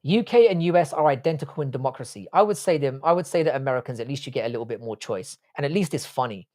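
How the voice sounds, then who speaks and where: Medium-pitched and expressive, this young man's voice is fast with a darkish tone. He's an English livestream host from England, speaking with an English accent, swearing freely and talking bluntly as he goes through viewer comments.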